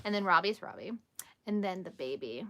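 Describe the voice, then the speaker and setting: A woman in her thirties speaks in a bright, forward voice. She chats loosely with her viewers on a late-night livestream from home, laughing easily and answering their questions as they come. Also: fairly low pitch, animated, a little fast, a little hiss or hum. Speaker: livestream host. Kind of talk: casual live chat with viewers.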